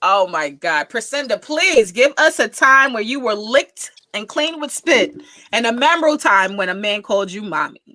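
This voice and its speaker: A woman hosts a casual chat and calls on each guest by turn. She is playful, her pitch swings widely, and her tone is bright. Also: very animated, normal speed, dry recording. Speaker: host.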